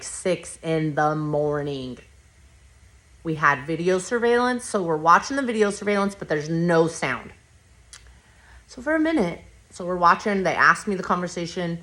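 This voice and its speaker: A woman's voice: low voice, animated, a little slow, bright, forceful tone. A woman hosting a podcast, telling a personal story in a blunt, rambling way full of swearing. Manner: blunt, profane, rambling retelling. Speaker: podcast host.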